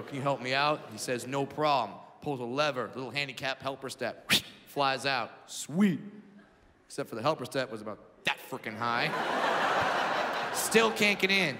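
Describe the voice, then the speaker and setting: A man in his thirties performing a stand-up comedy set with animated storytelling that swings between loud bursts and quiet asides. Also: mid-range voice. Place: large comedy venue with a live audience. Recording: reverberant hall with audience noise.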